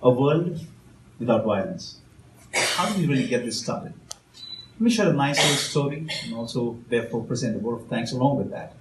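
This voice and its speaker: Animated man telling a story in a hall. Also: medium pitch. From India. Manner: animated storyteller, slow emphatic phrasing. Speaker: motivational speaker. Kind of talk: storytelling speech to an audience. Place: event hall at a consulate. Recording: roomy hall with faint background noise.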